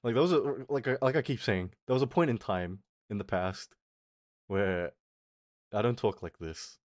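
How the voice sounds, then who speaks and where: Low-voiced, crude joking male streamer. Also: normal speed, no room sound, clean studio sound. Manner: crude, self-mocking banter with frequent laughs; chats back to viewers' comments. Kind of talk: casual live-stream chat.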